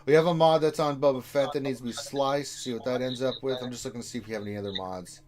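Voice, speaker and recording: A man's voice: mid-range voice, fairly even intonation, quick pace, over music. A man in his forties, co-hosting a casual gaming live stream and giving advice in a rambling way. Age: 40s. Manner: loud bursts of laughter, rambling.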